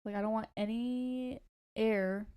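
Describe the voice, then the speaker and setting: Mellow, smooth-voiced young woman. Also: fairly high pitch, fairly even intonation, slow. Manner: laid-back, chatty, with casual slang. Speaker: podcast co-host. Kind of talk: casual chat.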